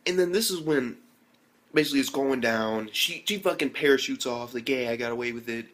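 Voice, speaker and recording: A young man, mid-pitched and ordinary in tone, races through a casual anime recap. He talks in excitable bursts packed with slang, swearing and the filler "like". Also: brisk. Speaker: anime reviewer.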